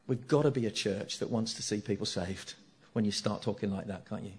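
An older man preaching a sermon, animated and jokey, acting out the congregation's reactions. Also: lowish voice, a little fast, husky.

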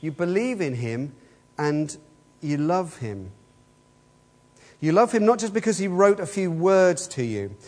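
In an earnest sermon, a man keeps returning to the same rhetorical questions. His darkish voice sits on the high side and has a sing-song quality; he's unhurried and pauses often, and the recording has a long hall reverb.

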